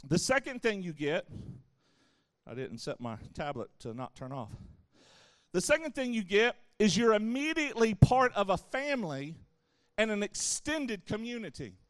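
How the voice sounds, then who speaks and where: A man's voice: sits high, big pitch swings, normal speed, dry recording. A man giving a sermon to young people, speaking conversationally and with playful asides to the crowd. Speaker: youth pastor.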